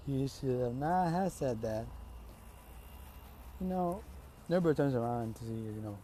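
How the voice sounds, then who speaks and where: A young man improvises a fan story off the cuff, rambling in slang and correcting himself mid-sentence. He speaks at normal speed in a mellow, warm voice of ordinary male pitch, with slight background noise.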